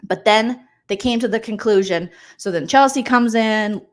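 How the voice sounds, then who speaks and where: A woman comedian recapping reality TV in an animated, gossipy, sarcastic way. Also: a little high, normal speed. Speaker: comedian host.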